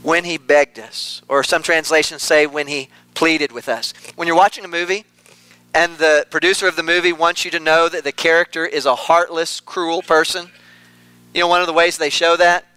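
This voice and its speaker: A man's voice: fairly high pitch, level tone, moderate pace, sharp tone, clear, resonant tone, no echo, rough recording. A man preaching an earnest sermon, repeating phrases for emphasis.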